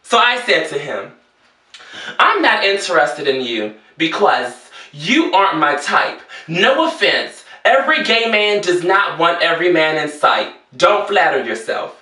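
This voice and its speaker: A man with a high, bright voice tells a story as a sassy, theatrical rant. He jumps into sudden high exclamations. He sounds a little far from the mic in an echoey room. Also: sing-song, a little slow. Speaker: vlogger.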